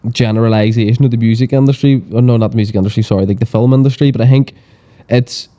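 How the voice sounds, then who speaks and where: Male podcast guest, very dark mellow tone, casual, sweary, rambling. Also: medium pitch, fairly even intonation, fast. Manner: sweary, rambling storyteller full of fillers. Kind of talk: casual chat.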